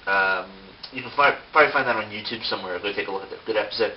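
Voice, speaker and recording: A man's voice: lowish voice, very fast. A man giving a casual, unscripted toy review, rambling with lots of fillers and self-mocking asides. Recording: distant mic, dull sound, faint hiss.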